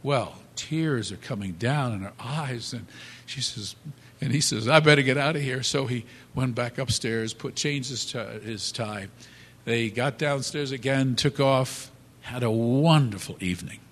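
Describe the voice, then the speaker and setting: A man telling a motivational story in a halting, animated way, with many restarts. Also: medium pitch. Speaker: speaker. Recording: long hall reverb.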